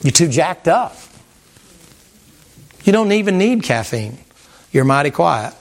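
A man preaching a sermon to a congregation in a folksy, animated way, repeating words and mimicking sounds. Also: on the high side, takes it slowly. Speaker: pastor. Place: church sanctuary with congregation.

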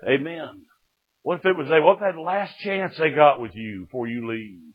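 Folksy preacher on a tinny line. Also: male voice, fairly high pitch, expressive, normal speed, slightly rough. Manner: folksy, rising to shouts and dropping to hushed storytelling. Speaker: preacher giving testimony. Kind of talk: sermon testimony. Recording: tinny phone-like recording.

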